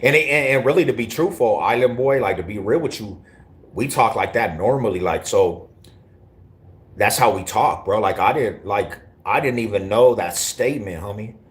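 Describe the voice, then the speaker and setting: A man's voice: fairly low pitch, animated, normal speed. A man from Denver with an East Denver accent, chatting casually on a live stream, slangy and profane. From Denver, Colorado. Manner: slangy, profane, laid-back banter. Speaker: livestreamer reading chat.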